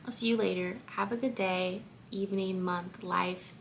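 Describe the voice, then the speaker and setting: A woman's voice: medium pitch, fairly even intonation, moderate pace, vocal fry, slight background noise. A young woman chatting about a book and reading from it in a home office, chatty and emotional, with lots of "like". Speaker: book vlogger. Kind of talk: casual chat and book reading.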